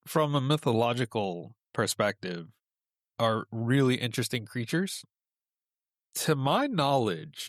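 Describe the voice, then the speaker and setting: A man's voice: medium pitch, no echo, studio quality. A man chatting on a podcast as a guest, telling a myth in a loose, rambling way with lots of fillers. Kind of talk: casual chat.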